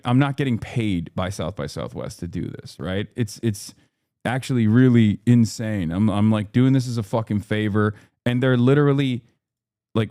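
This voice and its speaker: A man's voice: lowish voice, dark tone, no echo, studio quality. A man from the United States streaming live, ranting in a profane, exasperated way with lots of fillers and restarts. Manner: rapid run-on talk with many fillers and restarts.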